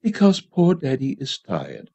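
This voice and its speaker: A man reading a hushed, gentle mother. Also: medium pitch, wildly swooping pitch, unhurried, gravelly, slightly rough, heavily acted. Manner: soft, hushed and soothing. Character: patient young mother, soft and gentle. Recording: dull lo-fi community radio.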